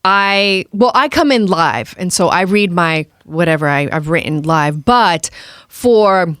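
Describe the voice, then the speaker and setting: A woman's voice: lowish voice, lively intonation, a little slow, fairly bright tone, smooth, no room sound, studio quality. A woman with a New York accent, a radio broadcaster chatting easily as a podcast guest, loose and full of fillers. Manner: easygoing, chatty, with frequent fillers. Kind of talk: casual interview chat.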